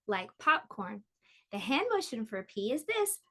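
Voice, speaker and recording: Woman, preschool teacher, slightly high voice, slow, sing-song, online lesson. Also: very animated, fairly bright tone. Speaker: pre-K teacher.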